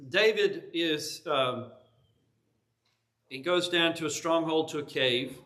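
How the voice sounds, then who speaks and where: Brief: male preacher, high and bright, casual storytelling sermon in a church. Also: takes it slowly. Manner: conversational storytelling with vivid retelling.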